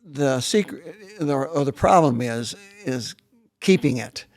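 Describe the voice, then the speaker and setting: Gravelly older man reminiscing. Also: mid-range voice, expressive, a little slow. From northern South Dakota, USA. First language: German. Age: 70s. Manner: leisurely reminiscing storyteller, frequent restarts. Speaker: interview guest. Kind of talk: casual interview conversation.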